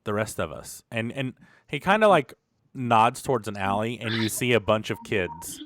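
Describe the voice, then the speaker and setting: A man's voice: mid-range voice, lively intonation, moderate pace, a bit bright, slight background noise. A man running a tabletop game as game master, narrating in a loose, conversational way with many fillers.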